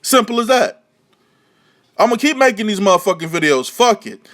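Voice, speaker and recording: A man's voice: high voice, lively intonation, moderate pace, a bit bright. A man giving profane boxing commentary to camera, heated, mocking and repetitive. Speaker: boxing vlogger.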